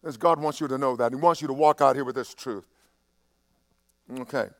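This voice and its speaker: A man preaching a sermon, halting and repeating himself in quieter stretches, building to loud, impassioned preaching. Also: medium pitch. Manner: halting, with many restarts and fillers.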